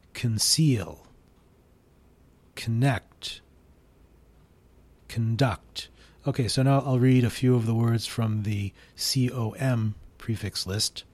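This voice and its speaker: A man teaching English pronunciation, explaining slowly and demonstrating each sound deliberately. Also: lowish voice, darkish tone, slightly rough, no echo. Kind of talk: instructional explanation.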